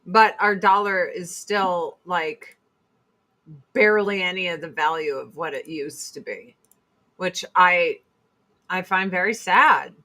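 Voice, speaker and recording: A woman's voice: on the low side, slow, pushed and bright. A woman in her forties hosting a casual livestream, ranting bluntly with profanity and mocking put-on quotes. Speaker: livestream host.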